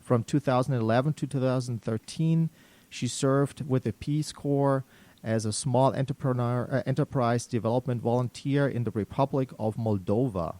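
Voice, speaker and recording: A man's voice: medium pitch, moderate pace, no room sound. German-accented man hosting radio, dry sound. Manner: relaxed, many fillers and restarts. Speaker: radio show host. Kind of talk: casual radio talk. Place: radio studio.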